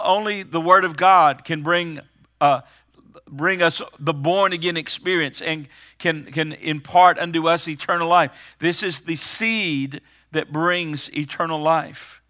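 Man, preacher, sermon, bright voice, slightly high, reads scripture, urgent emphasis. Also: fairly even intonation, unhurried. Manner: builds to urgent, raised emphasis; reads scripture aloud between plain explanation.

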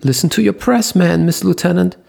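A male narrator voicing a panicky man who squeals in a high, flustered voice. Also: a little fast, creaky, a little mellow, exaggerated voice. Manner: shrill, flustered, jokey.

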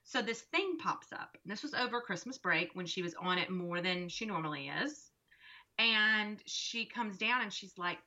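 A woman co-hosting a casual chat, telling a lively story and acting out each voice in it. Her voice sounds bright and forceful. The recording is muffled and lo-fi. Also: medium pitch, normal speed. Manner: expressive, acts out quoted dialogue. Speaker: podcast co-host and mother. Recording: dull lo-fi recording.

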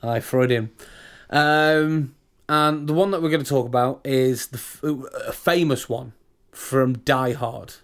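A British man co-hosts a casual podcast, chatting and ranting with plenty of restarts. His voice sits at an ordinary middle pitch. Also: fairly even intonation, measured pace, clear, resonant tone. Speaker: podcast co-host. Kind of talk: casual chat.

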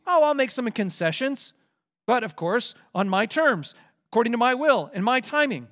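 A man's voice: extremely high pitch, big pitch swings, moderate pace, a bit bright, voice pushed up, heavily acted. A preacher putting on a smug bargaining king.

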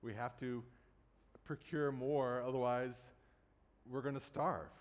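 Man, sermon, casual storytelling, mid-pitched voice, long hall reverb. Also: steady tone, slow pace. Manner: conversational, acts out quotes casually. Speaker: preacher. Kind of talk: sermon retelling a Bible story.

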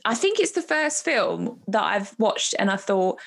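A woman's voice: mid-range voice, sing-song, measured pace. A woman hosting a casual podcast round table, chatty and enthusiastic, laughing often. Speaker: podcast host. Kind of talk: casual chat.

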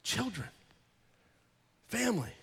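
A man preaching a sermon with a fairly high voice. He tells the story vividly, acting out the people in it. His voice rings with the long reverb of a large hall. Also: sing-song, slow, fairly bright tone, slightly rough. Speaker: pastor.

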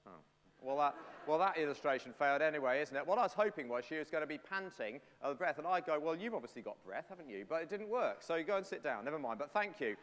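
A man's voice: a little high, expressive, fast, fairly bright tone. Man preaching in a reverberant church. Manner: playful, chatty, with the crowd. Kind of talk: lively sermon with congregation.

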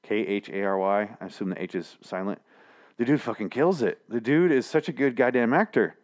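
A man with a fairly low voice talks through a show recap in a loose, rambling way. He swears freely and restarts his sentences often. The tone is casual and offhand. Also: brisk. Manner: profane, rambling, frequent restarts. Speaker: TV episode recap host.

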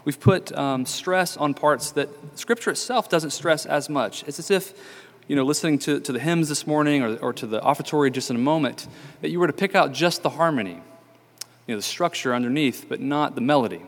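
A man's voice: on the high side, brisk. A man preaching a sermon as pastor, talking conversationally with frequent fillers and restarts. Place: church sanctuary. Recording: church hall reverb.

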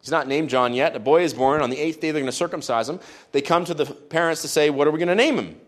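A man's voice: on the high side, fairly even intonation, fast. A man preaching a sermon, retelling a story in a conversational way with playful asides.

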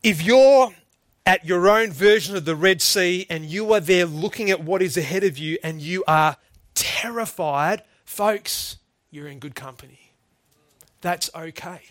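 A man's voice: high voice, a bit bright, dry recording. A middle-aged man preaching a sermon, earnest and emphatic, often calling his listeners "folks".

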